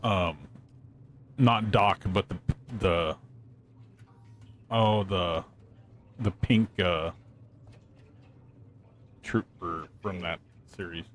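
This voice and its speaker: A man's voice: low voice, extremely slow, pauses often, slight background noise. A man streaming a co-op game, joking around and rambling with friends. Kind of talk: casual gaming chat.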